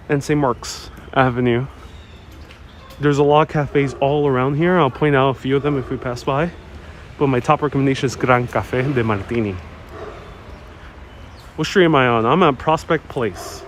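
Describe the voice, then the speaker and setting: A man with a medium-pitched voice and moderate pace hosts a city walk livestream, strolling outdoors and chatting casually while reading viewers' comments aloud. He wears a wireless mic, and street noise comes through in the recording.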